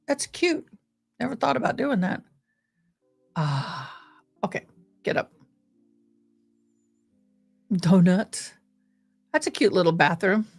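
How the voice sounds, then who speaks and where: A woman's voice: medium pitch, very animated, takes it slowly, vocal fry, pauses often, slightly rough, faint music behind. A woman chatting casually and affectionately as she hosts a live stream fundraiser, gushing over details while showing a game.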